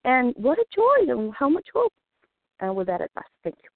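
A woman's voice: high voice, huge pitch swings, moderate pace, vocal fry, no room sound. Fervent woman. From Boston, USA. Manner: fervent, joyful, emphatic. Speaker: meeting member sharing. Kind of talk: recovery meeting share. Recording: tinny phone line.

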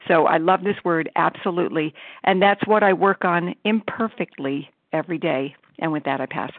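Gravelly woman on a tinny phone line. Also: on the low side, normal speed, no room sound. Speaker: meeting participant sharing. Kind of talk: personal share at a phone recovery meeting.

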